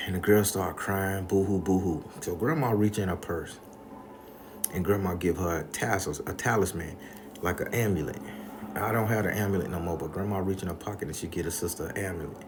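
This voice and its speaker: Brief: male storyteller with a low voice, crude and animated, profane slang, faint noise behind him. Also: a little fast. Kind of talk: comedic storytelling.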